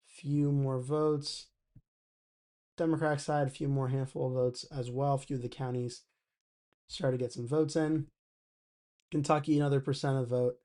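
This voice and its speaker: Mellow-voiced man hosting a live stream. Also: medium pitch. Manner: chatty, thinks aloud, reads chat comments. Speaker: election night live stream host. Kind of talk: casual live stream commentary.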